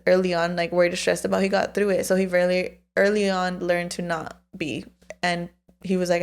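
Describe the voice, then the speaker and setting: A woman in her twenties co-hosting a podcast, telling stories in a loose, swearing, filler-heavy way. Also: lowish voice. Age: 20s. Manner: storytelling with frequent swearing and fillers. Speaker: podcast co-host. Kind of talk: casual chat.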